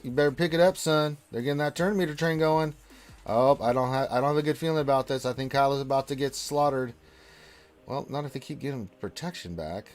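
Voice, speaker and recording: Playful man streaming a game. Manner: playful, talks to game characters, swings between loud and low. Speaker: gaming streamer. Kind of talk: live game commentary.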